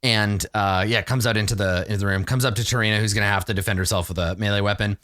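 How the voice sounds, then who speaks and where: A man's voice: lowish voice, steady tone, fast talker, fairly bright tone, no echo, studio quality. A man running a tabletop game as game master, laughing often while he narrates the action.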